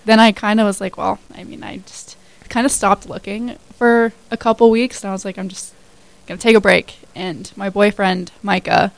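A woman's voice: medium pitch, steady tone, moderate pace, gravelly, few pauses, no room sound, poor audio. A woman in her twenties, a new hire telling her story as a guest in a casual radio interview, chatty with many fillers. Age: 20s.

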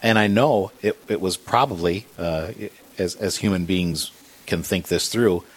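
A man earnestly recounting a painful hospital stay in a conversation about faith, halting and restarting as he talks. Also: low voice, husky. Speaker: guest sharing a personal story.

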